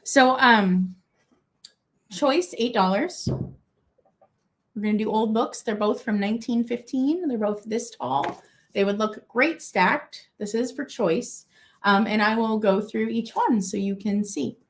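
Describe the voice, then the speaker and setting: A woman's voice: on the high side, unhurried. Chatty, gushing woman running a live sale. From Minnesota. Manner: chatty and gushing, with many fillers and asides. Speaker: live auction seller. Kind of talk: casual live-stream auction chat.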